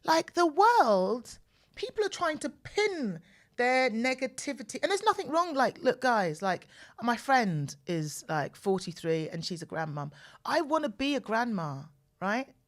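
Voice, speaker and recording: A woman in her forties hosting a podcast, telling personal stories in an animated way and repeating phrases for emphasis, close to the mic. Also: on the high side, measured pace. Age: 40s. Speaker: podcast host. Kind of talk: personal storytelling monologue. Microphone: mic close to the mouth.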